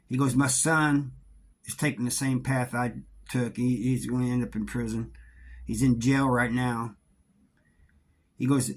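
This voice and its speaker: A middle-aged man telling a story from his time in prison in a casual, halting way, often repeating words. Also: mid-range voice. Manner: halting, repeats words, drawling Southern-sounding grammar.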